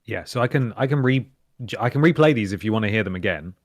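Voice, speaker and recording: A man's voice: on the low side, lively intonation, fast talker, no echo. A man co-hosting a charity stream in casual chat, matter-of-fact and dry, swearing casually.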